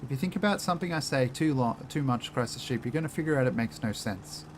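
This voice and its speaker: A man's voice: medium pitch, expressive, quick pace, slight background noise. Young Australian male streamer, casual and joking, swears a lot. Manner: loose and joking, swears freely, laughs often. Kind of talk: casual gameplay commentary, chatting with viewers.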